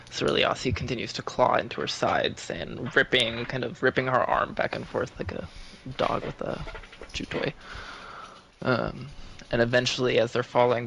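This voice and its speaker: A man running a tabletop game as game master, narrating the action in measured detail and calling rules. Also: medium pitch, gravelly, a bit bright, a little hiss or hum, poor audio.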